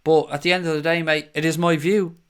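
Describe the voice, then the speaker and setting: A man's voice: fairly high pitch, little pitch movement, fairly quick, clean tone. A young man hosting a fan stream, reading the live chat aloud and answering viewers in a chatty, sweary way. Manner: chatty, swears freely, calls viewers mate.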